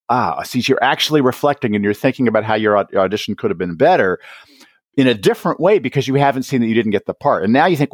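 A man speaking as an interview guest, his pitch rising and falling a lot as he acts out little scenes between teachers and students. The sound is close and dry, with no room behind it. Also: no room sound. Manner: animated, acts out teachers and students in quick asides. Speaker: guest, author and educator. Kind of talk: podcast interview.

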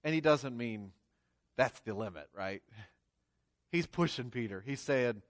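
A man's voice: medium pitch, expressive, normal speed, pauses often. A man preaching a sermon to his congregation, talking casually and checking in with "okay?" and "right?" before reading scripture with rising emphasis. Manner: conversational, tags lines with "okay?" and "right?"; reads scripture with swelling emphasis. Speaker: pastor. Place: church sanctuary before a congregation.

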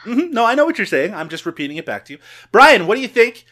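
A man hosting a comedy movie podcast, playful and quick to laugh. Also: high voice. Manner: animated, laughs often, playful. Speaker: podcast host. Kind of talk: casual banter and movie recaps.

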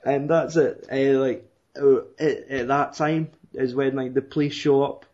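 A man's voice: medium pitch, fairly even intonation, measured pace, darkish tone. Sweary man rambling. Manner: sweary, rambling, laughing retelling. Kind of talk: casual chat. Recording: dull lo-fi recording.

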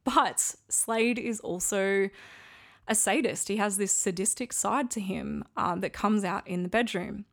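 Frank, gravel-edged woman podcaster. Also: medium pitch, a little slow. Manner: frank, conversational, confiding. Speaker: podcast host. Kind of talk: candid podcast monologue.

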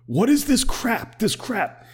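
A man's voice: very high-pitched, sing-song, slow, husky, pitched above the performer's own voice, heavily acted. A man doing an impression of an outraged, blustering male senator with a Southern drawl. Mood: scoffing. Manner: indignant, shouting, drawn out.

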